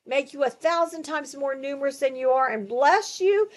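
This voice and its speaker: A woman's voice: high voice, moderate pace. A woman teaching through a Bible book to a group, emphatic and conversational, with asides and questions to her listeners.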